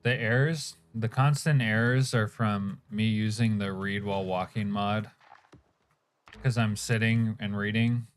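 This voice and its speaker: Low-voiced man streaming, chatting while eating. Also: steady tone, measured pace. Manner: reads chat aloud, chuckling, talks while eating. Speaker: game streamer. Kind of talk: casual live-stream chat.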